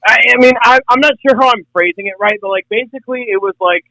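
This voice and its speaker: A man's voice: high voice, quick pace, pushed and bright, no room sound, poor audio. A young man co-hosting a podcast in casual chat, jokey and full of filler words. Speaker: podcast co-host.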